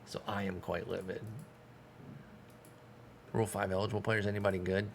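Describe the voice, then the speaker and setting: A man's voice: deep voice, little pitch movement, normal speed, vocal fry, a little hiss or hum. A man streaming a baseball management game, giving casual commentary in a frustrated, sarcastic way and swearing often.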